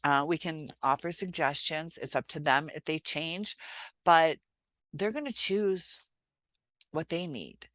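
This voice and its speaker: A woman vlogger talking to camera in a reflective, halting way, pausing often as she gives relationship advice. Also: sits low, a bit bright, no room sound. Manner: reflective, halting, many pauses and filler sounds. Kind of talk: casual advice talk to camera.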